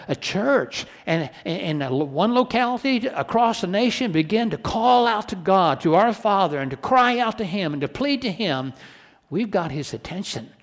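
Male pastor, fairly high voice, earnest preaching, church hall reverb. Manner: earnest preaching with rhetorical questions and repeated restarts. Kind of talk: sermon.

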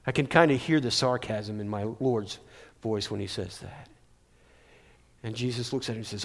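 A male pastor preaching a sermon, moving between loud emphatic peaks and hushed, near-whispered passages. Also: mid-range voice, normal speed. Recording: long hall reverb.

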